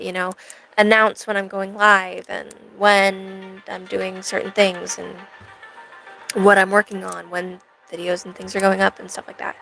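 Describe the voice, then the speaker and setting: A woman's voice: medium pitch, vocal fry, a bit bright, rough recording. A young American woman live streaming, chatting in a rambling way to her viewers. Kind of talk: casual chat to a live stream audience.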